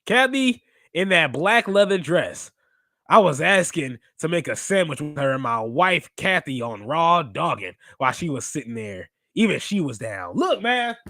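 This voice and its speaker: A man in his twenties hosting a podcast, chatting casually and excitably, rambling with lots of fillers and restarts. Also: on the high side, no echo, clean studio sound. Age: 20s. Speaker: podcast host. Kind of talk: casual wrestling review chat. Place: United States Central time zone.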